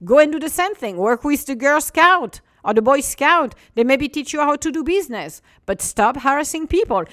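Woman ranting and scolding, kinda high voice that swings all over, slightly non-native english. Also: moderate pace, no echo, studio quality. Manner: indignant, animated, scolding. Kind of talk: ranting monologue to camera.

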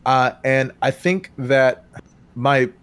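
Animated man chatting about games. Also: mid-range voice, slow, clean tone. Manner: animated, laughs often, loud quoted outbursts. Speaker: podcast co-host. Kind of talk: casual game talk.

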